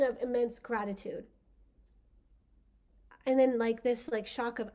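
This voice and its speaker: A woman's voice: a little high, steady tone, normal speed, darkish tone. A woman hosting a spiritual workshop, talking in a casual, enthusiastic, rambling way with lots of fillers. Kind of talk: casual teaching talk.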